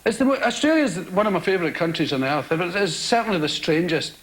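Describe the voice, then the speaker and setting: A man's voice: sits high, fast, low-quality recording. A Scottish man doing stand-up, telling rambling stories to a live theatre audience. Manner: animated, rambling, mock-indignant. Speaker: stand-up comedian. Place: stage of a large theatre.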